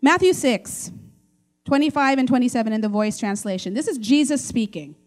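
A woman pastor preaching a sermon in an animated way, acting out quoted voices. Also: a little high, moderate pace.

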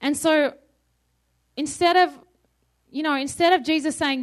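A high-pitched woman from Australia delivers a sermon in an easy, conversational way. She keeps asking her listeners questions and answers them herself. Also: steady tone, normal speed. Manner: conversational, asks the crowd questions. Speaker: preacher.

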